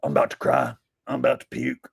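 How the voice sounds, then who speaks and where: A man's voice: medium pitch, sing-song, quick pace, vocal fry, slightly rough, no room sound, studio quality, voice pushed down, full character voice. A man putting on a mocking parody of a ranting male talk host, whining sarcastically in an exaggerated voice.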